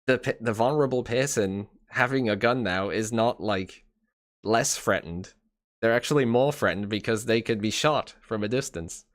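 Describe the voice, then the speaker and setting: Deep-voiced English guy with an American accent. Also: moderate pace. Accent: American-sounding. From England. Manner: rambling, many fillers and restarts. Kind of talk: casual live-stream chat.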